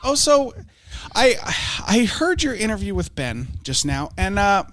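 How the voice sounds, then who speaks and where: A man doing a comedic impression of a pompous male cable news host, loud and announcing. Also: high-pitched, big pitch swings, measured pace, no room sound, full character voice.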